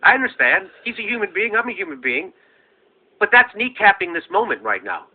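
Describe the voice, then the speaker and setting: A man's voice: high-pitched, very animated, fairly quick, breathy edge. A man who is a comedian and show host, reacting incredulously and profanely in a played clip. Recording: tinny phone-like audio.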